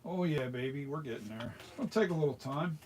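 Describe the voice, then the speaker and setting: A man's voice: a little high, fast, a little mellow, a little hiss or hum. A man from the United States demonstrating mask making in a workshop, talking casually and rambling with frequent restarts. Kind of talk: hands-on tutorial, casual chat.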